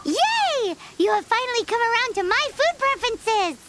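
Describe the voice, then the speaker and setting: A woman voicing a cheerful young female chef in a video game, bubbly and excitable about food. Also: extremely high pitch, fairly quick, heavy background noise. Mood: excited. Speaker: game character. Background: game music.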